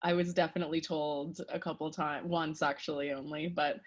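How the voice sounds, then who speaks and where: Laughing Canadian woman, lowish voice. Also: level tone, fairly quick. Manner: laughs often, direct and chatty. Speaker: guest sex researcher and therapist. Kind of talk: casual podcast interview.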